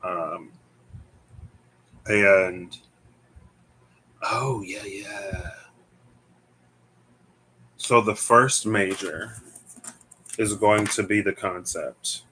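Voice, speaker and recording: A man's voice: fairly low pitch, extremely slow, pauses often, bright, forceful tone, slight background noise, low-quality recording. A young man from the American Midwest doing a casual tarot reading, thinking aloud in a meandering, hesitant way and often searching for words. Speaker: tarot reader.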